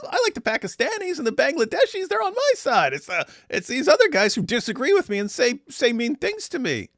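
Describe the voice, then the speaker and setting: A man putting on a sarcastic, gushing parody of a male political pundit in a much higher voice. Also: huge pitch swings, fairly quick, vocal fry, fairly bright tone, no room sound, studio quality, heavily acted. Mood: mocking gush.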